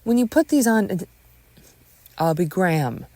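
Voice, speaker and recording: A woman's voice: mid-range voice, expressive, measured pace, warm tone, no room sound, voice pushed up, lightly acted. A woman voicing a rattled young man who stammers and hedges in a narrated audio story. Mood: awkward. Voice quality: stammering, hesitant.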